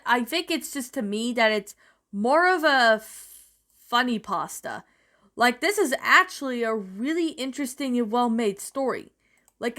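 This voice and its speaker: A woman's voice: high voice, sharp tone. Rambling woman reading a creepypasta. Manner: rambling, self-correcting. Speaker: story narrator and reviewer.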